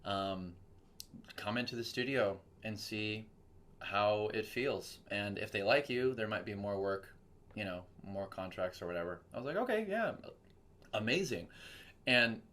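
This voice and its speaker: A young voice actor from Texas, appearing as an interview guest, chats casually and tells stories in an animated way, acting out quoted voices. He talks unhurriedly with a fairly low-pitched voice.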